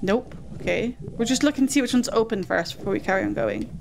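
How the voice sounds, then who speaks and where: A woman's voice: fairly high pitch, lively intonation, brisk, gravelly. A woman giving chatty let's play commentary, easily flustered and talking to herself and the game. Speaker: gaming host. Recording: game music under voice. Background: game music.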